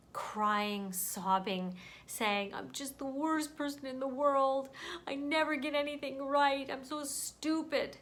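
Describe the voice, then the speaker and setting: A woman talks to her viewers in an earnest, inspirational vlog. Her voice sits in an ordinary middle register. She speaks softly and tenderly, like a mother passing on a spiritual lesson. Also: medium pitch. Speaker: mother sharing a spiritual message.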